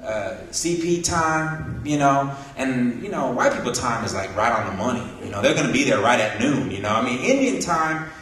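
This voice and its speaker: Animated comedian in an echoey hall. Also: male voice, medium pitch, moderate pace, hardly any pauses. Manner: animated storytelling, acting out other people's voices. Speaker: stand-up comedian. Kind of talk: stand-up comedy set. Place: hall with a live audience. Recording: echoey hall from far off, audience laughing.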